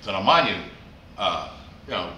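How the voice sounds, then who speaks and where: Brief: bright-voiced joking man, profane storyteller, heard a little off-mic in an echoey room. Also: low voice, sing-song, moderate pace. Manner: swearing, acts out dialogue, jokey. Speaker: DJ guest. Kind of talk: casual storytelling interview. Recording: echoey room, slightly distant, faint noise.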